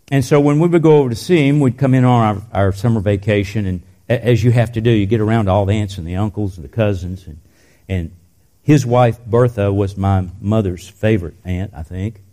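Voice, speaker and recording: An older man preaching a sermon in a church, telling stories and dropping into soft, intense passages. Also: lowish voice. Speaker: pastor.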